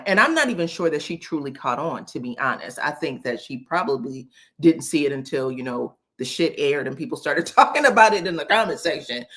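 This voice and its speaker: A woman hosting a casual commentary recap, chatty and expressive, tossing in frequent asides to her listeners. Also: deep voice. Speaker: host recapping a reality show.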